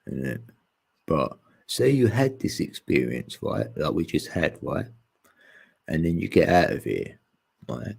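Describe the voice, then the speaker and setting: A low, gravelly male voice drifts through a relaxed spiritual chat, full of slang and easy laughter. The tone is dark and a little husky, and he acts out little quoted voices as he talks. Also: unhurried, pauses often. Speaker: podcast host.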